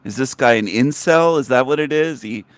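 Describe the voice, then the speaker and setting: A man's voice: mid-range voice, moderate pace, no echo. Sarcastic man mocking a video. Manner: sarcastic, taunting, repeats lines in a mocking voice. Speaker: livestream host.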